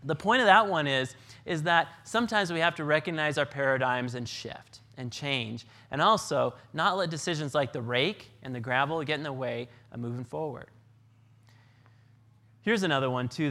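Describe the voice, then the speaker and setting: A middle-aged man giving a folksy storytelling talk as a consultant, acting out dialogue with lively energy. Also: a little high. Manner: folksy, animated, acts out dialogue.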